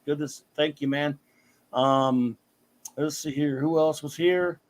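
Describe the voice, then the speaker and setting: Hosting a relaxed live stream about comics, a middle-aged man speaks at a measured pace in a fairly high, steady voice. He gives warm shout-outs, thanking chat viewers by name.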